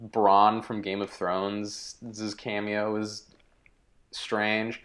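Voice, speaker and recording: A man's voice: fairly low pitch, level tone, drawn-out words, fairly bright tone. A man co-hosting a podcast, talking loosely and profanely in a casual movie review chat. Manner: loose, profane, filler-heavy. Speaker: podcast co-host.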